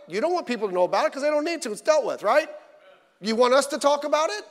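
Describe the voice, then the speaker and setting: Guy preaching, pretty high voice, chatty and animated, big echoey hall. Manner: conversational, animated, acts out quoted voices. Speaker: pastor. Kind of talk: sermon. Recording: long hall reverb.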